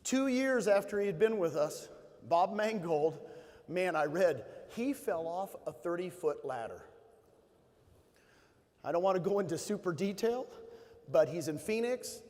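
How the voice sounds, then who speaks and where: A man's voice: sits high, animated, a little slow, pauses often, a little mellow. Man in a big reverberant hall, a motivational speaker, emotional and emphatic. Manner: emotional storytelling, rising to emphatic bursts. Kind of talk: motivational talk to an audience.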